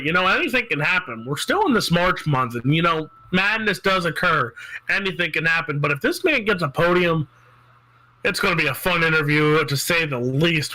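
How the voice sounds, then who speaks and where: Brief: male sim racing announcer, high and very bright voice, teasing banter. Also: rough recording. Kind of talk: play-by-play commentary.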